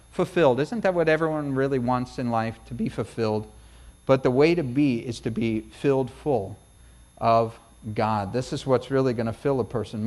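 A middle-aged man preaching a sermon with a fairly high voice for a man. He talks in a relaxed, conversational, folksy way, then swells into emphatic, rising lines. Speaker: pastor.

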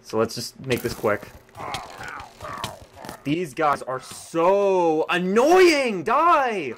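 A young man sits at his game and rants at it, his voice sitting a little high and swinging widely in pitch. He jumps from loud outbursts to low, fed-up muttering as he comments on his play. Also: big pitch swings, extremely slow, a little hiss or hum. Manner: frustrated ranting, swings between yelling and muttering. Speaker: gaming YouTuber. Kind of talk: live gameplay commentary.

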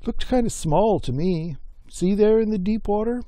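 A man voicing a sly, scheming female coyote trickster who talks in a coaxing, flattering way in a spoken folk tale. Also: sits high, normal speed, dry recording, voice pushed up.

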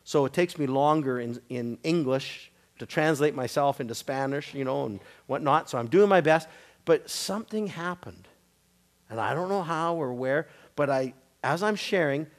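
A man's voice: on the high side, normal speed. A man preaching to a church congregation, telling a story in a conversational way and acting out the dialogue of the people in it. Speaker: guest preacher. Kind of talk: storytelling sermon.

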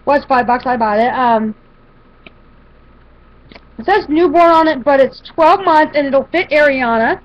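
Chatty high-voiced woman showing a haul. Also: unhurried, long pauses, a little hiss or hum. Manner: chatty, rambling with frequent fillers and restarts. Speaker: vlogger showing a shopping haul. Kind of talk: casual chat to camera. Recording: dull lo-fi home video audio.

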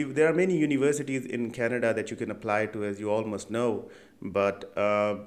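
A man's voice: medium pitch, a little mellow. A young man hosting an education channel, talking through a screen-share tutorial in a casual, conversational way with many fillers and "right?" check-ins.

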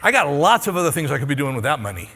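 Husky, higher-voiced pastor preaching earnestly. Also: male voice, sing-song, rapid-fire, bright, forceful tone. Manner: earnest, impassioned storytelling, pleading directly with the congregation. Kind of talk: sermon with personal story. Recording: long reverb of a large hall.

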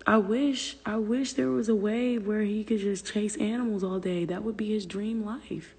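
Husky woman chatting loosely on a livestream. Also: medium pitch, fairly even intonation, moderate pace, a little mellow, long reverb tail. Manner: loose, profane, rambling, drops to whispers. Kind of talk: casual livestream chat, reading comments. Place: family room at home.

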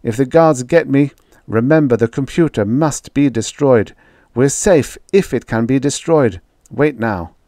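A man voicing a desperate, feverish male starship mutineer, shouting in an urgent, strained, breathless way. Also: medium pitch, unhurried, dry recording, studio quality, voice pushed up, lightly acted.

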